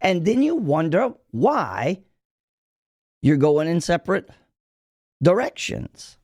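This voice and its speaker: A man preaching as a podcast host and pastor, emphatic and folksy, repeating his key lines slowly so they sink in. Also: a little high, very animated, darkish tone, no room sound, clean studio sound. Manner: folksy, addresses listeners as y'all. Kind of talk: preaching-style podcast talk.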